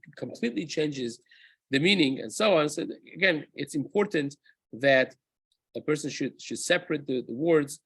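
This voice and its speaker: A man's voice: fairly high pitch, fairly bright tone, husky, dry recording, rough recording. A man, a rabbi, teaching a daily lesson on Jewish law in a casual explanatory way, often restarting and checking "right?". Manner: drops into chanting Hebrew verses.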